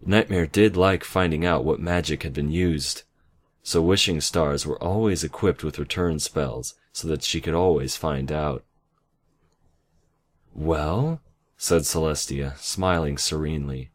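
A man calmly reading a fantasy story aloud in measured narration, over background music. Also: rumbling low. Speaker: story reader.

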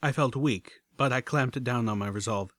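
A man narrates a storybook audiobook in a steady, measured way. His voice sits at middle pitch, dry and close to the mic. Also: dry recording.

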